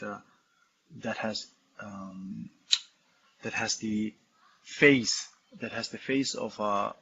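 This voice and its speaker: A man with a Tibetan accent, a Buddhist teacher explaining a text in a halting, filler-heavy way. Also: on the low side, creaky, a bit bright. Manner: halting, many fillers and restarts, explains terms. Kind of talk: Dharma talk commentary. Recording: dull lo-fi recording, faint noise.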